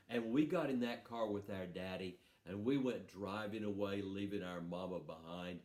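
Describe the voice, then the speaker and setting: A man's voice: fairly low pitch, moderate pace, a little mellow. A man telling a playful, folksy story to schoolchildren at a storytelling festival. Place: festival stage. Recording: roomy hall sound.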